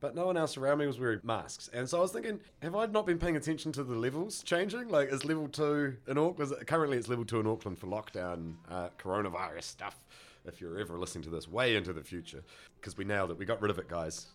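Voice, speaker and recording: A man's voice: mid-range voice, expressive, quick pace. A man with a New Zealand accent co-hosting a casual podcast, joking around and laughing often. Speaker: podcast co-host. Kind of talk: casual chat. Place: Auckland.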